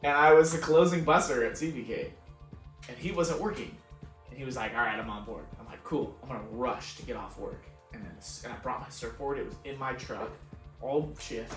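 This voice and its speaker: A man's voice: mid-range voice, a little fast. A man co-hosting a podcast, telling a long casual story with frequent laughs and free swearing. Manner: laughs often, swears freely, animated retelling. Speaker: podcast co-host. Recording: roomy echo, distant mic, faint music.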